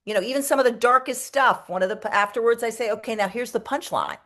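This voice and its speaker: A middle-aged woman from the United States, telling animated, profane stories in a casual interview, with lots of restarts. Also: fairly high pitch, fast talker. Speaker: interview guest, comedic performer.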